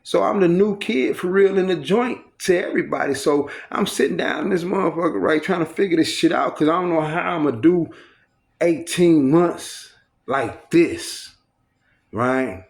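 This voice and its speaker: A man tells a long, meandering story packed with profanity, speaking casually and animatedly while acting out other people's lines. His voice is slightly high and creaky, at a moderate pace.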